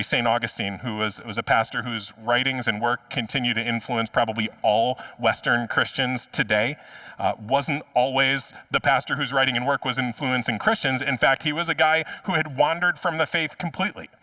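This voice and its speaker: A man's voice: mid-range voice, pushed and bright, no echo, far from the mic. A man preaching a sermon as pastor in a conversational way, often repeating words as he restarts a phrase. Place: church.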